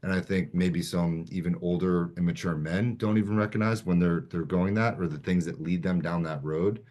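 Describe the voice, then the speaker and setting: A man's voice: low-pitched, moderate pace, darkish tone. A man in his thirties on a group video call, talking in an earnest, reflective way. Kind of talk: casual chat.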